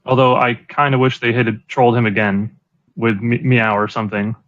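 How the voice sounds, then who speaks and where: A man's voice: medium pitch, level tone, normal speed, fairly bright tone, highs cut off. A man co-hosting a casual chat, eagerly retelling scenes with lots of stammered restarts. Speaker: podcast co-host.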